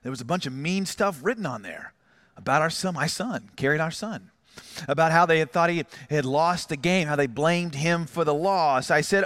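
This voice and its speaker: A man's voice: on the high side, normal speed, a bit bright. A middle-aged man preaching a sermon as pastor, telling stories with acted quotes and self-mocking humor.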